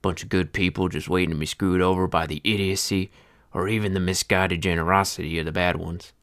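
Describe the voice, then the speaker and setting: A deep-voiced bitter old Western feed seller. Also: male voice, steady tone, brisk, fairly bright tone, clean tone. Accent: old-timey Western American twang. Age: older. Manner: grumbling, sardonic, cursing folksy storyteller. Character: bitter old male horse-feed seller, near seventy. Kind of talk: film narration.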